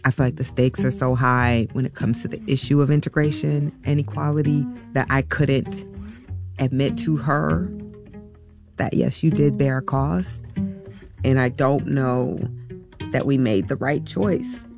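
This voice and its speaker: Gravelly woman telling a painful story. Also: very deep voice, fairly even intonation, music in the background. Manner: halting, emotional, with many pauses and fillers. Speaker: guest. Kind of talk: personal storytelling in an interview.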